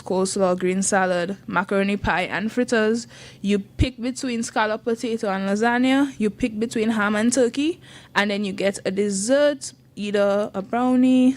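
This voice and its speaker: A woman, a youth group leader chatting on a radio show in an upbeat, laughing way. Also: medium pitch. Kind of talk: casual radio chat promoting an event. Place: radio studio.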